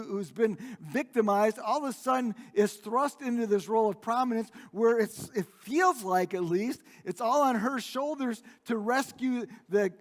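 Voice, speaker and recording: A male pastor preaching a sermon, retelling a Bible story in a conversational way with frequent restarts. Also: high-pitched. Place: church sanctuary. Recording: long reverb of a church hall.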